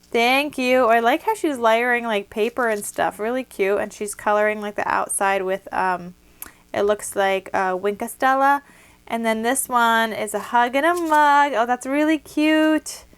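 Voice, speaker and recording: A woman's voice: fairly high pitch, measured pace, clear, resonant tone. A young woman vlogger chatting casually and gushing while unboxing craft gifts at her desk at home, a little out of breath. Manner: chatty, gushing, many fillers.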